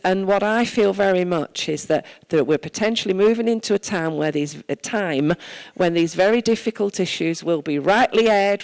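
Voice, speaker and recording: Gravelly-voiced woman mayor telling stories. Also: on the low side, a little mellow, rough recording. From Wales. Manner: earnest, conversational storytelling. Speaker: town mayor. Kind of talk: informal address at a church service.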